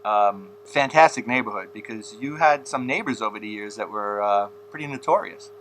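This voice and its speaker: A man's voice: fairly low pitch, moderate pace, fairly bright tone, a little hiss or hum. A man hosting a casual interview, cracking jokes and prodding his guest with questions.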